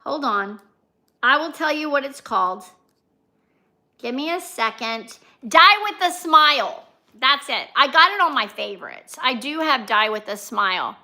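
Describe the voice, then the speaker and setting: A high-pitched woman with a bright, ringing tone chats casually on a livestream. She reads her viewers' comments aloud and answers them one by one, greeting people by name. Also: lively intonation, a little slow. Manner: chatty, talks straight to her viewers by name. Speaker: vlogger and livestream host.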